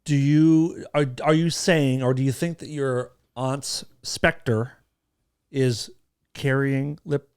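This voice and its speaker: A woman co-hosting a podcast in casual chat, tossing in quick wisecracks. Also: very deep voice, steady tone, darkish tone, smooth. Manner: wisecracking, quick joking interjections. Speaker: podcast co-host.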